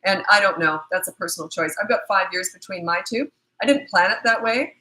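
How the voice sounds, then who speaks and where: A woman's voice: mid-range voice, a little fast, bright, forceful tone, poor audio. A middle-aged woman from Canada, a parenting coach, answering viewer questions in a casual, blunt, matter-of-fact livestream chat.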